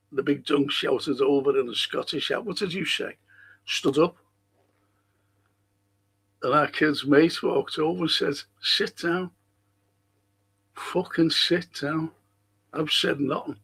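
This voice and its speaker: The same casual live podcast host, a rambling storyteller who swears a lot, reads comments aloud and spins long tales. His voice is mid-range, gravelly, and fairly bright.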